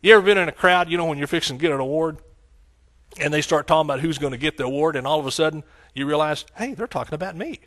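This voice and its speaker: A middle-aged Texan man preaches a sermon, shouting hallelujah and lurching between loud outbursts and quiet asides. His voice is on the high side and steady in tone, and he speaks very fast.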